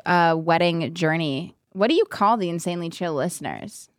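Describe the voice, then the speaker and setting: A woman's voice: fairly low pitch, expressive, normal speed, no echo, studio quality. A woman in her thirties chatting candidly with her husband on a podcast, laughing often and swearing casually. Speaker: podcast guest, host's wife. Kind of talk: casual chat.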